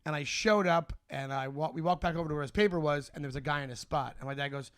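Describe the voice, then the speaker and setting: A man's voice: high voice, sharp tone. A man co-hosting a comedy podcast, telling rambling stories and laughing often in casual chat. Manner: rambling storyteller, quick to laugh. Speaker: podcast co-host.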